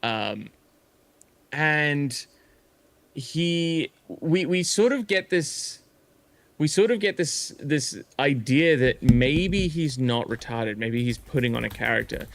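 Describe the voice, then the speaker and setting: A man's voice: fairly high pitch, lively intonation, takes it slowly, fairly bright tone, no room sound. Guy streamer rambling thru a story, lots of ums and cussing, dry sound. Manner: rambling, swears often, many fillers and restarts. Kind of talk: casual storytelling chat.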